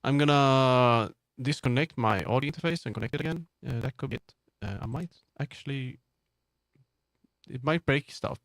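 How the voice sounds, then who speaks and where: A man's voice: medium pitch, normal speed, fairly bright tone, dry recording, clean studio sound. A man streaming live, chatting casually and muttering to himself as he troubleshoots. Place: home streaming setup.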